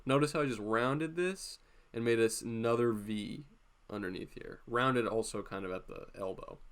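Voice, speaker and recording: A man hosting a drawing live stream, talking casually and playfully as he draws, often laughing. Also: medium pitch.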